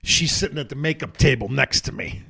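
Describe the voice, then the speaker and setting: An older man, an actor and comedian, telling casual anecdotes as a podcast guest, lively and laughing as he acts out other people. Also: medium pitch, a little fast, vocal fry, slightly rough.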